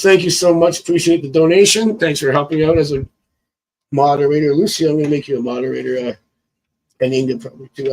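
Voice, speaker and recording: A man's voice: a little high, low-quality recording. A man reading tarot cards on a live stream. He chats casually, thinks aloud and chuckles often. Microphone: phone.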